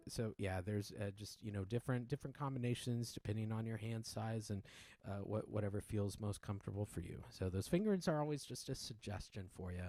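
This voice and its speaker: A man teaching a piano piece in a relaxed, explanatory way, with many fillers and restarts. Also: fairly low pitch, moderate pace. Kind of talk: casual spoken tutorial. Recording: piano playing loudly behind. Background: loud piano playing.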